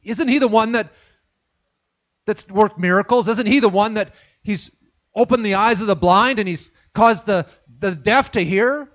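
A man's voice: sits high, a little slow, highs cut off. A man voicing a blind beggar crying for mercy. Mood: eager. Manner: pleading, calling out loudly.

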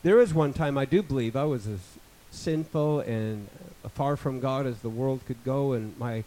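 A man in his fifties preaching a sermon, rambling with joking asides and building to loud, emphatic passages. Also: medium pitch, moderate pace, poor audio. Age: 50s.

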